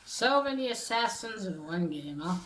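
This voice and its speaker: A woman casually recapping a story aloud, halting with many fillers and restarts. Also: medium pitch, animated, a bit bright, slight background noise, rough recording.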